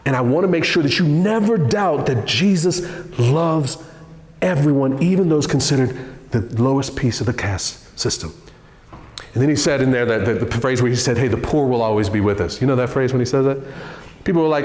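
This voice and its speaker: A man giving an earnest, conversational church talk as a guest speaker, with lively swings in pitch. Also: a little fast. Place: church hall. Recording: echoey hall.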